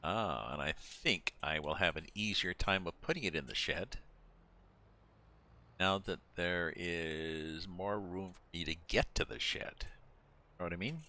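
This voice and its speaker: A man's voice: deep voice, a little slow, sharp tone. A man streaming a farming game, chatting casually and thinking aloud as he goes. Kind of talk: casual gameplay chat.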